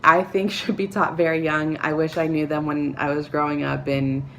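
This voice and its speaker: A woman talking to camera, giving earnest, encouraging advice with soft laughs and filler words. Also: low-pitched, flat delivery, moderate pace, vocal fry, a little hiss or hum. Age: adult, a parent. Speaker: vlogger. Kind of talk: motivational talk to camera.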